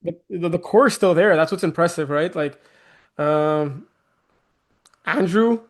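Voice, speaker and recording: A man's voice: on the high side, a little slow. A man co-hosting a casual chat about a recreational football league, teasing and laughing often. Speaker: co-host.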